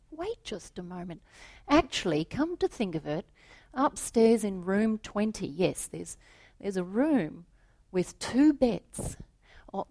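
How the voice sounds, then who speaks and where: Woman playing a soft-spoken hotel clerk in a told story: calm, quiet, unhurried. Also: mid-range voice. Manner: soft, unhurried, half-whispered. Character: calm unbothered male hotel manager.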